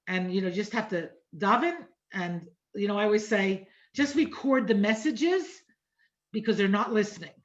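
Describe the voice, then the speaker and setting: A woman's voice: medium pitch, moderate pace. A middle-aged woman teaching an online Torah class in a conversational manner, repeating phrases and checking in with the listeners. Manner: conversational, repeats phrases and asks "right?" often. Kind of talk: informal lecture. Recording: dull lo-fi online class audio.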